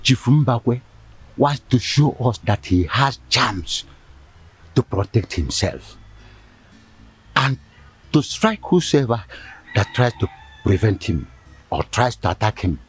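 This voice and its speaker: A man playing an elder who slowly and gravely soothes a grieving young woman in a film. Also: mid-range voice, very animated. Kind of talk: Nollywood film acting. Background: faint music.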